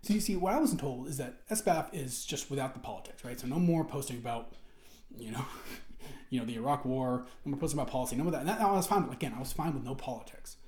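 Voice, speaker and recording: A man's voice: mid-range voice, lively intonation, fast talker, a little mellow. A man reading out forum posts and answering them in an indignant, rambling rant, restarting his sentences and swearing often. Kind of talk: ranting commentary while reading forum posts aloud. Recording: roomy echo.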